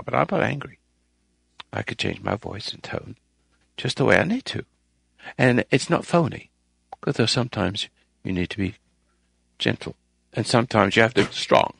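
Man, radio advice host, gravelly voice, dry close sound, preachy, rambling. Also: medium pitch, no room sound. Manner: emphatic, preachy, swings between firm loud and quiet soft delivery; rambling with frequent restarts. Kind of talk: call-in radio monologue.

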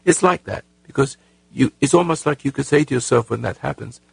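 A man hosting a call-in advice show, talking in a halting, earnest way with many repeated words and a raspy voice. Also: mid-range voice, no echo. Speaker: radio call-in host.

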